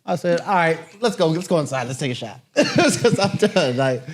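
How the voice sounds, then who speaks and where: Brief: male co-host, slightly high voice, lively laughing storyteller. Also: moderate pace, a little hiss or hum. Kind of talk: casual podcast chat.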